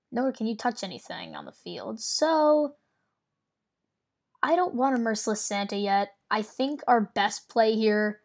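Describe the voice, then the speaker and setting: A woman casually commenting on her own card game as she plays, thinking out loud and teasing her opponent. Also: medium pitch. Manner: chatty, thinks aloud, playful trash talk. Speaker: gameplay commentator. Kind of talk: casual let's-play commentary.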